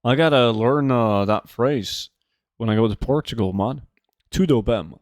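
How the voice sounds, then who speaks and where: During a casual livestream, a man chats with his viewers while gaming, joking, rambling, and reading messages aloud. His mid-range voice is unhurried, captured by a desk microphone in a dry, studio-quality recording.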